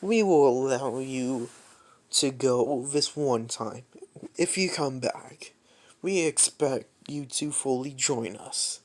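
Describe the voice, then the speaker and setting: A man voicing a calm, smooth-talking villain leader in a spoken fan story. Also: medium pitch, takes it slowly, lightly acted.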